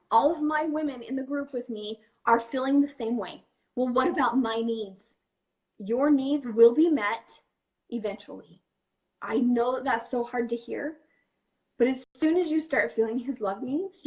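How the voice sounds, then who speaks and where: Candid, animated young woman coaching. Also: high voice. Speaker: webinar host and coach. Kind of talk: casual webinar talk.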